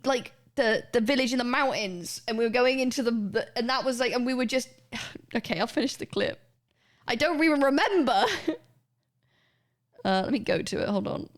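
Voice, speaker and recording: Woman streamer in her twenties, loose sweary rambling chat, higher-pitched. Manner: rambling, sweary, trails off mid-sentence. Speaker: livestreamer.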